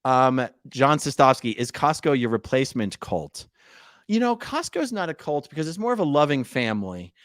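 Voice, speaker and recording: A man with a lively, up-and-down voice chats casually as a podcast co-host, teasing his partner and reading viewer comments aloud. The sound is dry and close, with no room around it. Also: medium pitch, moderate pace, no echo. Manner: playful and teasing, reads comments aloud in bursts. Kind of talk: casual chat.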